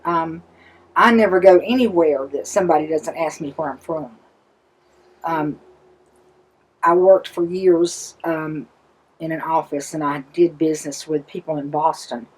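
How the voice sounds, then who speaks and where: A middle-aged woman, soft-spoken and amused. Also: low voice, steady tone, unhurried, long pauses, slightly rough, low-quality recording.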